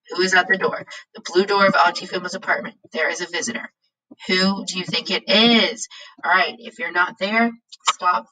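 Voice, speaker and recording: A woman's voice: on the low side, steady tone, normal speed, bright, forceful tone, poor audio. A woman teaching a casual book summary lesson, chatty and playful as she acts out the characters' lines. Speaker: teacher summarizing a novel chapter.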